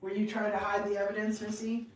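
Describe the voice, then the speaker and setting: A woman's voice: medium pitch, flat delivery, fast talker, slight background noise. A woman hosting a casual livestream with her cats, chatting to viewers, laughing often and cooing at the cats in baby talk. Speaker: livestream host with pet cats.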